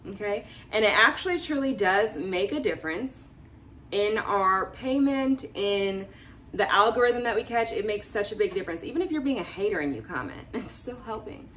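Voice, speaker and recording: A young woman talking casually to camera in her home as a vlogger, chatty and animated. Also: fairly high pitch, far from the mic, a little hiss or hum. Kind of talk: casual vlog chat to camera.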